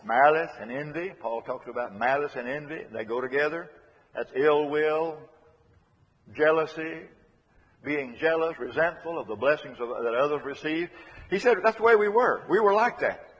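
A man's voice: a little high, moderate pace, fairly bright tone, husky. A man preaching a sermon in an earnest, emphatic way, repeating his key phrases to drive them home. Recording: echoey hall, dull lo-fi sound.

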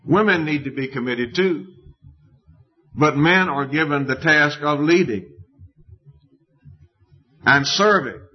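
A man preaching a sermon in a slow, deliberate way with emphatic rises. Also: on the high side. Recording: dull lo-fi recording.

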